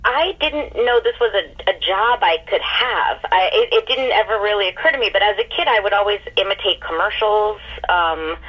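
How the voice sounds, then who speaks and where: Voice actress guest, woman, husky, animated, muffled call audio. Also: mid-range voice. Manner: animated, laughs often. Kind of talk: casual interview chat. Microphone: remote call.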